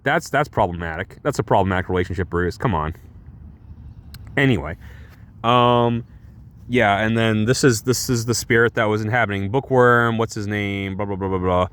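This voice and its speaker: A man's voice: lowish voice, moderate pace, a bit bright, smooth. A man giving a casual, rambling and enthusiastic comic book review.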